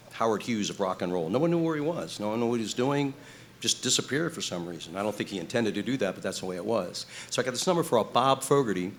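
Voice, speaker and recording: A man's voice: on the low side, fairly bright tone, slight background noise. A middle-aged man giving a live introduction, a rambling, self-deprecating storyteller full of fillers and restarts. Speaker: guest introducing the main speaker. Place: live venue before an audience.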